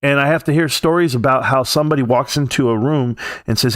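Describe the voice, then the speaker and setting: A fast-talking man with a mid-range, fairly bright voice and a California accent hosts a livestream in clean studio sound with no room noise. He rambles through a heated, profanity-filled rant, quoting people in mocking voices.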